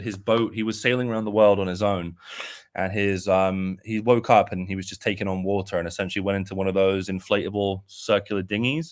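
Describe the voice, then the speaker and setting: A man co-hosting a casual crypto chat, relaxed and easygoing, calling people mate. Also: lowish voice. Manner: relaxed, laid-back, says mate a lot. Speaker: crypto show co-host.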